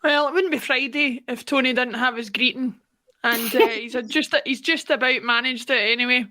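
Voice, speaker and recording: A woman with a high voice hosts a casual podcast chat. She ribs her co-hosts and passes the floor from one to the next. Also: moderate pace, pushed and bright. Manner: teasing, hands the floor to guests. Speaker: podcast host.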